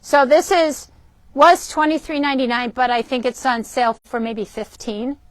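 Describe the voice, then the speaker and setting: A woman hosting a shop's live quilting show, chatty and upbeat, often pausing with ums as she shows fabrics and books. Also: sits high, fairly even intonation, no room sound. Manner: chatty, upbeat, frequent ums and self-corrections. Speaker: shop host presenting fabrics and books. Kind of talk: casual product demo for a live stream. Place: indoors in a fabric shop.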